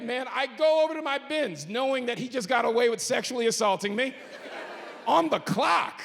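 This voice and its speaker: A man doing stand-up, telling a story and swinging from low mutters to high shouted outbursts on a stage mic. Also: expressive, fairly quick, gravelly. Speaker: stand-up comedian. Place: comedy stage in a large hall. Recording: live hall with reverb and faint noise.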